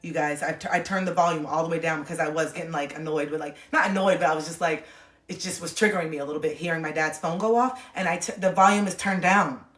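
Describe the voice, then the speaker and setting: A woman's voice: low voice, steady tone, fast, a bit bright, recorded from a distance. Rambling woman livestreaming in an echoey room. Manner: rambling, frequent "like" fillers, open and confiding. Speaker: livestream host. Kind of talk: casual livestream chat. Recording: echoey room, voice a bit off-mic.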